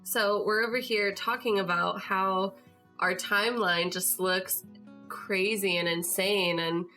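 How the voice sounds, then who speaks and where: A woman's voice: mid-range voice, steady tone, slow pace, pushed and bright, soft background music. Chatty young woman telling a story. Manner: chatty, lots of "like", emotional. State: tearful at moments. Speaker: podcast host. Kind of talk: casual personal storytelling.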